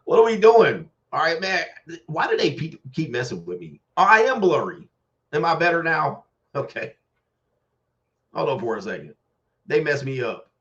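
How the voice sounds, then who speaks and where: A man's voice: a little high, sing-song, moderate pace, fairly bright tone, breathy edge, dry recording, highs cut off. A man hosting a podcast from his computer, talking in a casual, rambling, profane way and laughing often. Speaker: podcast host. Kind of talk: casual live-streamed commentary. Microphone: computer mic and webcam.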